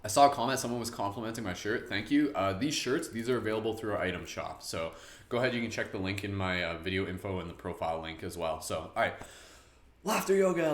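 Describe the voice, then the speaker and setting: Chatty man hosting a live meditation. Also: on the low side. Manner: chatty, upbeat, loose. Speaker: meditation host. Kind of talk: live-streamed guided meditation. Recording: roomy echo.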